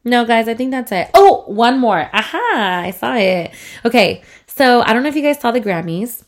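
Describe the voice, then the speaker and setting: A roughly thirty-year-old woman chats through a casual solo podcast at normal speed, her high-leaning voice making big pitch swings. She's congested and breathing through her mouth, rambling along with plenty of profanity.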